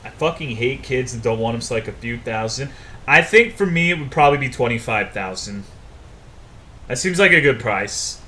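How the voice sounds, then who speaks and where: Bright-voiced young man streaming, profane. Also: mid-range voice, animated, normal speed. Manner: profane, joking, reading chat aloud. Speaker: game streamer. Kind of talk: casual live-stream chat.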